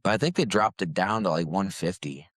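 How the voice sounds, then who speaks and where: A man's voice: low voice, expressive, fairly quick, fairly bright tone, dry recording. A man, a player at a tabletop game, chatting casually in a dry, teasing way.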